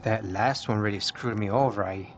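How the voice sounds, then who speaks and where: A man's voice: fairly low pitch, slight background noise. A man streaming a story game, reading its text aloud with lightly voiced quotes between muttered reactions. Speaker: gameplay streamer.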